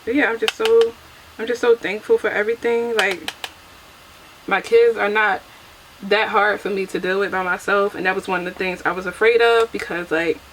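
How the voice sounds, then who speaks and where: A chatty young woman talks casually while doing her makeup at home, laughing at herself as she goes. Her voice sits at an ordinary middle pitch, picked up by a camera mic with a faint hiss underneath. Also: steady tone, normal speed, fairly bright tone, poor audio. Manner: chatty and self-deprecating, laughs often. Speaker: beauty vlogger. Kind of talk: casual get-ready-with-me chat.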